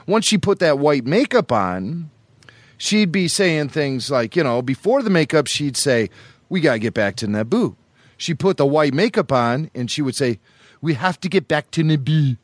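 A man co-hosting a podcast, telling jokey stories in a casual, animated way. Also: on the high side, normal speed, no room sound. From Chicago area, US. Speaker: podcast co-host. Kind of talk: casual chat.

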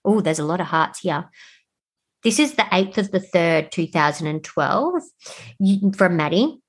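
A woman's voice: on the low side, animated, a little slow, husky. A woman in her late twenties co-hosting a casual podcast, giggling often as she reads old messages aloud. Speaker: podcast co-host. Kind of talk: casual chat.

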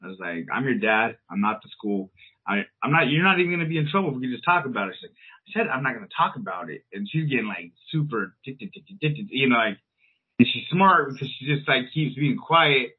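A man's voice: medium pitch, lively intonation, quick pace, breathy edge. A man in his thirties co-hosting a podcast, telling a long story in a loose, rambling way with plenty of swearing and filler words. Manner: rambling, profane, lots of fillers. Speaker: podcast co-host. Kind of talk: casual storytelling chat. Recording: tinny, phone-like sound.

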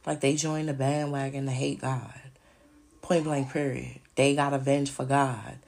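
A woman's voice: very deep voice, flat delivery, measured pace, gravelly, a little mellow. A woman hosting a podcast alone, ranting in a heated, profane delivery. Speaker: podcast host. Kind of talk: solo podcast rant.

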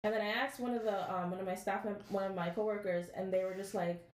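A woman's voice: medium pitch, fast. A woman co-hosting a casual chat podcast, telling stories and laughing often. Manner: laughs often, animated storytelling. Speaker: podcast co-host. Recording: roomy with faint noise.

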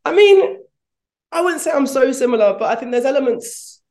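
A man's voice: very high-pitched, animated, normal speed, a little mellow. A man, an actor answering interview questions in a reflective, rambling way, with frequent laughs. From London, England. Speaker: actor guest.

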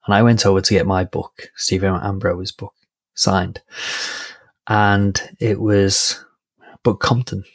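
A man from England co-hosting a podcast, telling stories in an animated, laughing way that jumps from thought to thought. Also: on the low side, slow, pauses often, dry recording. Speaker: podcast co-host. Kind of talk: casual podcast chat, storytelling.

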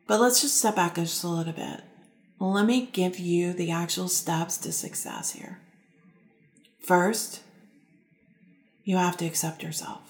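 A woman life coach gently guiding listeners through self-reflection, talking calmly with slow pauses. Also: lowish voice, roomy sound. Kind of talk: guided self-help talk to listeners.

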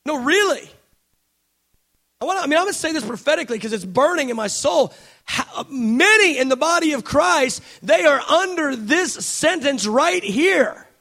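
A man preaching a passionate sermon, reading scripture aloud and building to fervent shouted emphasis. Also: very high-pitched, animated, moderate pace.

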